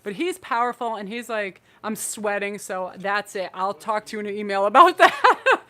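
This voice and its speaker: A woman's voice: medium pitch, lively intonation, normal speed, sharp tone. A woman hosting a live-streamed tarot reading, effusive and emotional, rambling through her messages with restarts. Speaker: tarot reader and channel host.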